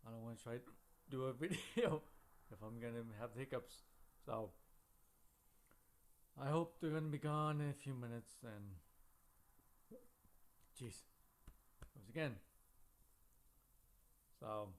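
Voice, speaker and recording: A man vlogging casually while he has the hiccups, talking in a halting way and chuckling between phrases. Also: mid-range voice. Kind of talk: casual vlog.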